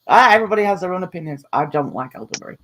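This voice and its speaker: A woman's voice: lowish voice, animated, racing, a bit bright, slight background noise. A woman guesting on a live stream, teasing and laughing easily in casual banter over a video call. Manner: giggly, teasing.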